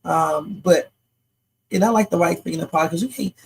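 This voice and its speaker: A woman's voice: lowish voice, normal speed, gravelly, a little mellow, husky, rough recording. A tired woman hosting a live reaction stream, chatting and rambling with preachy asides. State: sleepy, tired. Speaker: livestream reaction host. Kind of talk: casual live reaction commentary.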